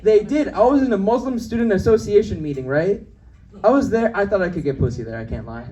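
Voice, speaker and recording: A man's voice: high voice, very animated, quick pace, warm tone, far from the mic, poor audio. A young man doing a stand-up comedy set in a club. He talks in a brash way and jumps between voices to act out the people in his stories. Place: comedy club with live audience.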